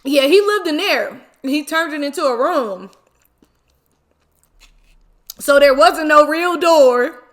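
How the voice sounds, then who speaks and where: A woman in her twenties telling a story casually while eating, animated and full of slang and exclamations. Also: high voice, unhurried. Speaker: mukbang vlogger.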